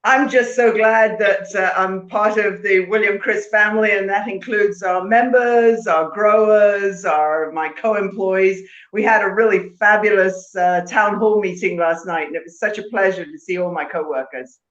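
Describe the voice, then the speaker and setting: A woman's voice: mid-range voice, unhurried, few pauses. A British woman from a winery's tasting room chatting cheerfully over a video call. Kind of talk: casual chat on a video call. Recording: dull lo-fi call audio in an echoey room.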